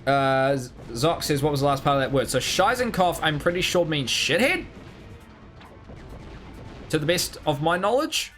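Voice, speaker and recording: A man's voice: fairly high pitch, very animated, moderate pace, pauses often, fairly bright tone, faint music behind. A man streaming a video game live, muttering and humming as he plays, swearing freely, mocking himself and rambling as he answers chat. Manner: swears freely, mutters and hums while playing. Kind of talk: live gameplay commentary, reading chat.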